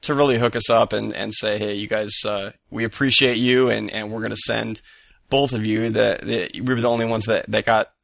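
A man's voice: on the low side, flat delivery, brisk, creaky, fairly bright tone, no echo, studio quality. A man co-hosting a podcast, telling stories enthusiastically in casual chat with many fillers. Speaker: podcast co-host.

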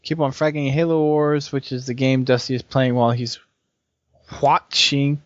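Easygoing podcast host reading submissions. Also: male voice, mid-range voice, flat delivery, normal speed, no room sound, lo-fi sound. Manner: keeps the show moving, reads submissions, laughs easily. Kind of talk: casual gaming podcast chat.

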